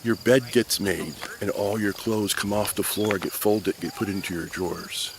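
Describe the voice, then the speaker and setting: A man's voice: fairly low pitch, normal speed, background noise. A man teaching a playful children's Bible lesson outdoors, telling the story to kids with faint crickets behind him. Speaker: Sunday school teacher.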